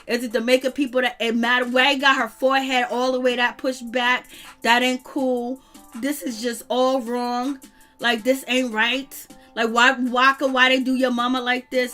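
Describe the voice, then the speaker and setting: A woman hosting her channel, giving slangy, animated reality TV gossip commentary and laughing often. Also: high-pitched. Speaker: channel host.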